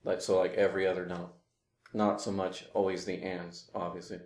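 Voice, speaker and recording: A man with a deep, low-pitched voice gives a relaxed clarinet lesson and talks through each point with plenty of ums. The room around him adds a noticeable echo. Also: normal speed. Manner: relaxed, explains with fillers and demonstrations. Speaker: clarinet teacher. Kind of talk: casual instructional talk. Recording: roomy echo.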